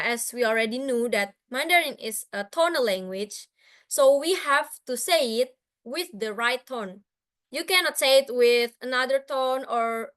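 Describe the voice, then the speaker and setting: A woman's voice: on the high side, a bit bright, clean tone. Hesitant young woman with an Indonesian accent. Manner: hesitant, many fillers and restarts. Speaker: guest speaker. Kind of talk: online presentation with slides.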